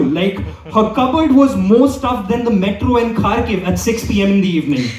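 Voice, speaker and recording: A man's voice: high-pitched, sing-song, moderate pace, hardly any pauses, darkish tone. A young man doing a stand-up comedy set in a club, rambling and asking "okay?" after nearly every line. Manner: rambling, repeats "okay?" often. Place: comedy club hall with live audience. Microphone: handheld microphone. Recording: roomy hall, distant mic.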